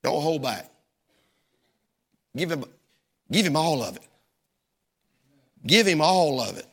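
A male pastor preaching a sermon, swinging his voice widely and breaking into sudden shouts. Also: a little high, lively intonation, slow pace, slightly rough. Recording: long hall reverb.

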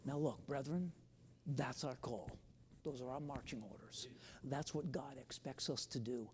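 A man's voice: mid-range voice, unhurried, darkish tone, slight background noise. Guy preaching, storytelling with some laughs, echoey hall sound. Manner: storytelling, mixing humor and earnest appeal. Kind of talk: sermon with personal story.

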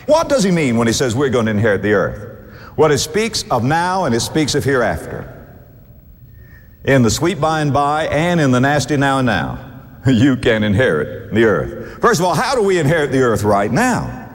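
A man's voice: medium pitch, big-room sound. A man preaching a sermon, stretching out scripture quotes and chuckling now and then. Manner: animated, drawn-out scripture quotes, warm chuckles.

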